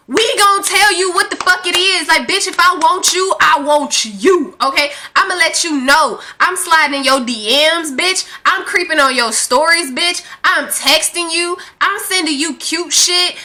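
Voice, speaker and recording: A young woman vlogger telling a storytime rant in a brash, profane, animated way. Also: very high-pitched.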